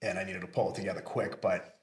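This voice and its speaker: A middle-aged man tells his own story with candor and emphasis, acting out the lines he spoke back then. His voice sits low. The room around him rings with an echo. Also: level tone, quick pace. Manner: candid, emphatic, with acted-out quotes. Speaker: podcast co-host. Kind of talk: casual personal storytelling. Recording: echoey room.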